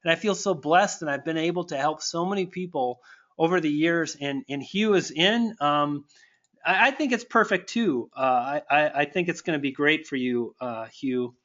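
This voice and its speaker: Effusive high-voiced man on a dull stream. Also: normal speed, a bit bright. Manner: effusive and thankful, stumbling restarts. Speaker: online marketing coach. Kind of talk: live webinar Q&A, reading viewer comments.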